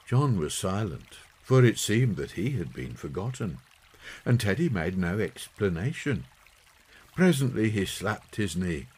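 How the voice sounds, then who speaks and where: Man, audiobook narration, husky voice, lively pitch. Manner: slow, lively expressive reading. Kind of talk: storybook narration.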